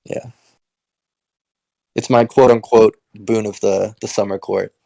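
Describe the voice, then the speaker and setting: A man's voice: lowish voice, fairly even intonation, measured pace, vocal fry, mellow, dry recording, poor audio. A man playing in a tabletop game, chatting casually with laughing asides. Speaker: player. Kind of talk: casual chat.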